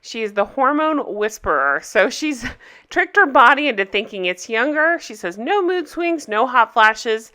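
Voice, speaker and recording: A gossipy woman talking through a movie recap, her voice bright and crisp. She chats casually, tosses in opinions and asides, and sits a little high in pitch. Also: very animated, unhurried. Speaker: recap host.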